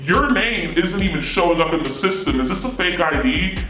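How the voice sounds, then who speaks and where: A woman voicing a stern male police officer, dropping her voice low and sounding curt and commanding. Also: expressive, a little fast, reverberant, over music, close to an everyday voice.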